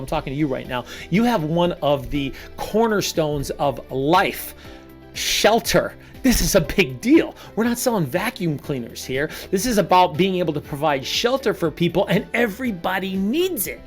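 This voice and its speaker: A man coaching salespeople in an energetic video lesson. He talks standing up, projects energy on purpose and repeats short punchy phrases. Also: a little high, normal speed, soft background music. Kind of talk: energetic coaching monologue to camera.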